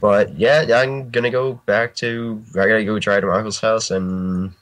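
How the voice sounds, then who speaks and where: A man's voice: on the low side, steady tone, normal speed, fairly bright tone, poor audio. A man chatting casually as a guest artist, rambling and restarting his sentences and laughing often. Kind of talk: casual chat.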